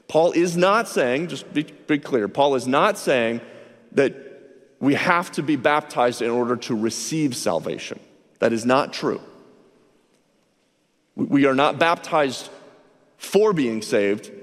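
A higher-voiced man preaches an earnest sermon in a church sanctuary. He leans on key words and slows down to stress them. His voice rings out with the long reverb of a big hall. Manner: earnest, emphatic preaching with slow stressed phrases. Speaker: pastor.

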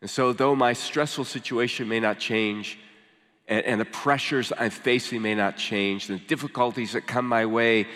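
A man's voice: medium pitch, steady tone, moderate pace, a bit bright. A middle-aged man preaching a sermon as pastor, folksy and conversational, with frequent fillers and repeated words. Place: church sanctuary. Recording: long reverb of a large hall.

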